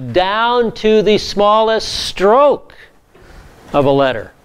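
Smooth-voiced man teaching from slides. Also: on the high side. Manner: methodical teacher, repeats key words for emphasis. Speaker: pastor. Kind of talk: recorded Bible teaching session.

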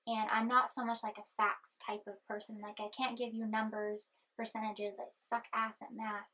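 Brief: young woman vlogger, soft-spoken, slightly high and breathy, anxious, rambling while chewing gum. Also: flat delivery, moderate pace, low-quality recording. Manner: chatty, meandering, chewing gum. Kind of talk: rambling personal vlog.

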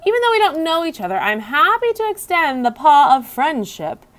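A woman voicing a friendly, chatty male pet hamster with a polite, eager, squeaky voice. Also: huge pitch swings, a little fast, a bit bright, exaggerated voice.

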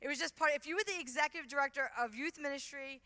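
An animated woman telling stories at a conference, full of fillers and quick restarts. Her voice is high and bright. A long reverb trails after her words in a large hall. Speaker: conference speaker. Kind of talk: storytelling conference talk.

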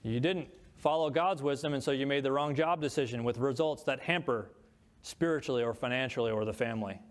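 Male pastor, mid-pitched voice, preaching from scripture with stressed lists. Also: fairly quick. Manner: reads scripture aloud, stresses words in lists. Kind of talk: sermon.

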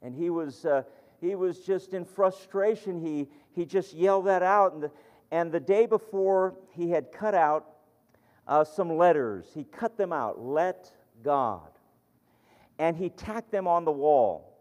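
A man's voice: fairly high pitch, a little slow, a little mellow. A man preaching a sermon, reading scripture aloud and telling stories with earnest, rising emphasis. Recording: dull lo-fi sound with long hall reverb.

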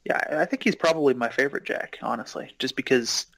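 A man's voice: mid-range voice, fast, creaky, fairly bright tone, no echo, rough recording. A man co-hosting a casual movie commentary, rambling with lots of fillers and casual swearing. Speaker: commentary co-host.

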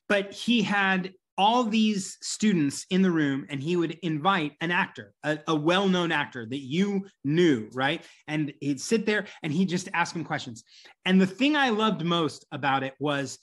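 A middle-aged man as an interview guest, answering at length and acting out quoted voices with lively energy. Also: on the high side. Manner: animated storyteller, acts out quoted voices. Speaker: guest, business coach.

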